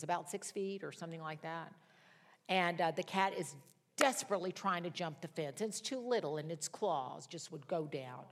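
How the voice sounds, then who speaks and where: An older woman teaching a Bible study. She tells personal stories in a chatty way, with self-mocking asides and sudden jumps in pitch and loudness.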